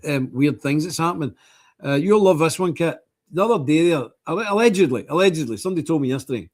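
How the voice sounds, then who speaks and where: Rambling Northern Irish man in his sixties. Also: medium pitch. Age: 60s. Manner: rambling and repetitive, restating phrases. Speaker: livestream host. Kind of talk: casual livestream monologue.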